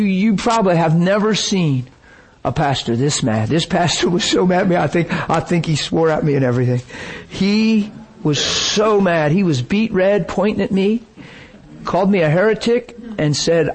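A middle-aged man preaching a sermon, telling stories in an emotional, emphatic way. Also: sits high.

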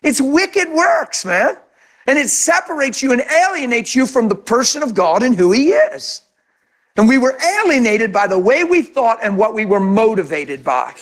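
A man preaching a sermon as pastor, animated and conversational, often laughing and acting out quotes. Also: extremely high pitch, normal speed.

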